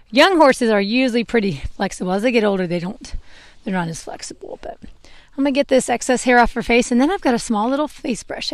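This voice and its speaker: Grooming her horse outdoors, a young adult woman who owns the animal and vlogs chats casually in a higher-pitched voice, rambling a bit and laughing when she trips over her words. She wears a clip-on mic, and the recording is studio quality with no room sound.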